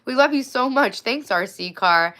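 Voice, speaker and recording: Woman in her forties, livestream host, bright, a touch high, playful chatter. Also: lively intonation, moderate pace. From Long Island, New York. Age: 40s. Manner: playful, chatty, thanks viewers by name; swears casually. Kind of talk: casual livestream chat.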